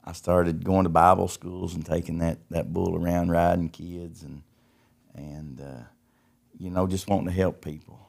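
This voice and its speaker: Deep-voiced man telling his story. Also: little pitch movement, normal speed, vocal fry, darkish tone. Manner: folksy, repeats words as he tells stories. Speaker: podcast guest, recovery ministry founder. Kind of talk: casual testimony storytelling.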